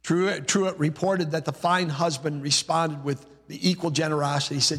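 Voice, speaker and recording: A man's voice: on the high side, fairly even intonation, normal speed, hardly any pauses, fairly bright tone, slightly rough, in a large hall. A male pastor preaching a sermon, emphatic, building his points through rhythmic repeated lists.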